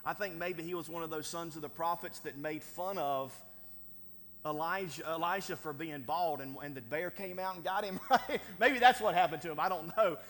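A man's voice: on the high side, normal speed, a bit bright, a little hiss or hum. A man preaching a sermon as pastor, conversational and folksy, with frequent "right?" asides and chuckles. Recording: long hall reverb.

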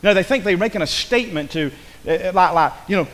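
Man, preacher, church sermon, high lively voice, conversational asides, long reverb. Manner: animated, conversational preaching with quick asides and acted quotes. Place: church sanctuary.

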